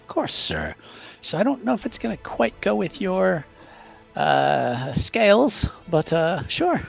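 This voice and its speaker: A poor peddler woman with threadbare clothes and too much hope, as a male game master puts her on. She speaks in a hesitant, wheedling sales patter, pitched a little higher than a plain man's voice, with creaky edges and a lively rise and fall. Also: takes it slowly, dull audio, soft background music, exaggerated voice. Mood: obliging. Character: poor hopeful female traveling jewelry peddler.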